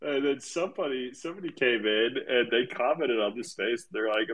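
A man's voice: medium pitch, moderate pace, few pauses, fairly bright tone, rough recording. A man hosting a casual online group chat, rambling and laughing often as he tells stories. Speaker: host of a live audio chat room.

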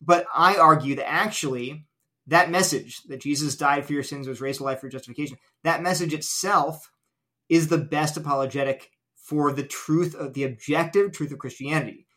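Male interview guest, fairly high, bright and forceful tone, methodical explainer. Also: normal speed. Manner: earnest, illustrative, builds points step by step. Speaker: guest apologist.

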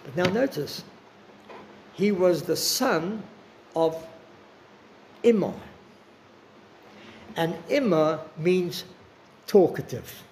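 Earnest older preacher, gravelly. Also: male voice, high voice, animated, darkish tone, slight background noise. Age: 60s. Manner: earnest, personal, slows for emphasis. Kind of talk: sermon.

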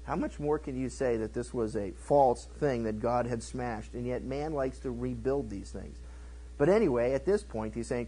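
A middle-aged man pastor teaching verse by verse through a Bible book, animated and acting out the characters in quick voices. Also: medium pitch, breathy edge, rough recording.

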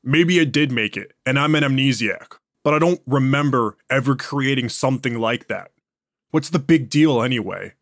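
A man's voice: mid-range voice, normal speed, fairly bright tone, dry recording, studio quality, lightly acted. A man voicing a defensive, swearing male prisoner being questioned. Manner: blunt and swearing. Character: defensive, profane male prisoner under interrogation.

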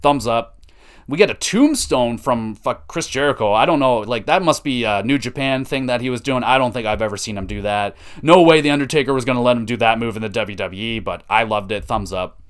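A man hosting a casual wrestling podcast, talking at an average pitch. He recaps each match with loose, foul-mouthed enthusiasm, piling on "uh", "like" and "dude" between his points. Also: a little fast, clean tone. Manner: excited, profane play-by-play with lots of fillers. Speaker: podcast host.

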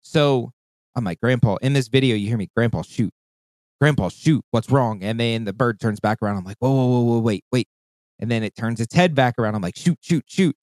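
Recorded dry, a medium-pitched man speaks fairly quickly while recounting a long hunting story. He's casual but animated, curses a great deal, and acts out the calls and the voices.

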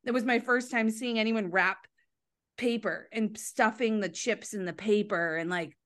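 A woman hosts a relaxed interview chat, effusive and animated. She gushes quickly over her guest's stories and jumps in with her own memories. Her pitch sits in an ordinary middle range. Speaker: host.

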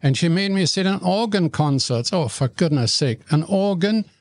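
An older man from Germany with a German accent, telling stories about his past as an interview guest in an animated, joking way. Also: a little high, moderate pace. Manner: animated storyteller, jokey, self-deprecating. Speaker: guest, radio regular. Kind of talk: interview storytelling.

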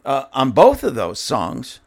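A man's voice: medium pitch, huge pitch swings, unhurried, slightly rough. A middle-aged man hosting a commentary talk, reading song lyrics aloud and stopping for his own asides. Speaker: political commentary host.

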